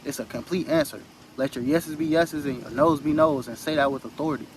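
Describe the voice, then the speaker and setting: A man's voice: on the high side, brisk, a little hiss or hum, poor audio. A man giving an earnest, rambling motivational talk into his phone outdoors, repeating phrases for emphasis. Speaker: spiritual vlogger.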